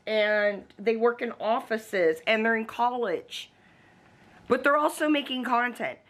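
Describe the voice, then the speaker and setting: Bright-voiced woman ranting bluntly to camera. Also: on the high side. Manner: talks to the camera. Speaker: vlogger. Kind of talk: casual vlog rant.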